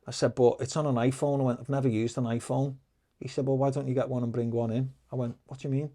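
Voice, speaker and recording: A man's voice: medium pitch, fast talker. Swearing man telling stories. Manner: swears freely, lively anecdotes. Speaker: podcast guest. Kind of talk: casual storytelling.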